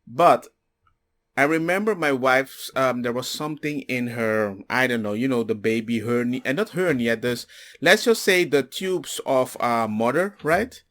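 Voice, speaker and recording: A man's voice: mid-range voice, unhurried. A man in a casual monologue, telling personal stories and acting out what others said. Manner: animated storyteller, acts out others' lines. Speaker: commentator.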